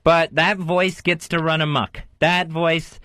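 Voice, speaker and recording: A man co-hosting a talk radio show talks in a quiet, self-critical, downbeat way. His voice sits a bit high for a man. It sounds close and dry into a studio mic. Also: flat delivery, takes it slowly, no room sound. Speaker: radio co-host. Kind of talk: casual talk radio chat.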